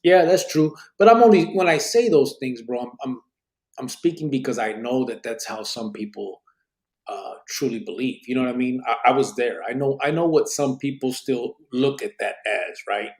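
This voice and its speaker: A middle-aged man hosting a podcast, telling stories in a casual, animated way with street slang and swearing. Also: mid-range voice, normal speed, reverberant. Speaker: podcast host.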